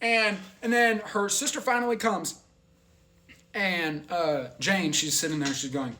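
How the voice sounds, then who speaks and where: A young man telling a story in a rambling, animated way, full of filler words. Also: sits high, unhurried, slight background noise. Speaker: vlogger. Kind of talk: casual storytelling.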